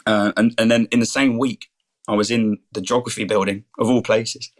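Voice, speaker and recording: A man's voice: fairly low pitch, flat delivery, moderate pace. Eager young man telling faith stories. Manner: enthusiastic, keeps saying things are awesome. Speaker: podcast guest, student and rugby player.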